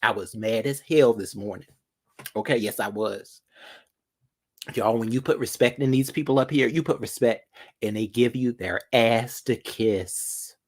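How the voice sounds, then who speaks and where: A man's voice: medium pitch, a little mellow. Sassy, dramatic man ranting to viewers. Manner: sassy and dramatic, drawn-out emphasis. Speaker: vlogger. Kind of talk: casual commentary to viewers.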